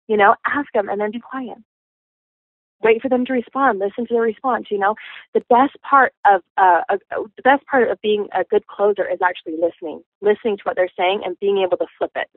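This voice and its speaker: Fast-talking woman coaching her sales team. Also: mid-range voice, dry recording. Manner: chatty, many "you know"s and "okay?" checks. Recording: tinny phone-like, dry sound.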